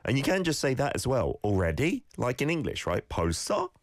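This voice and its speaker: A male radio host teaching Korean in a studio, lively and encouraging, carefully explaining pronunciation. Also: mid-range voice, quick pace, no echo. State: slight cold, sneezing. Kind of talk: radio lesson with listener clips.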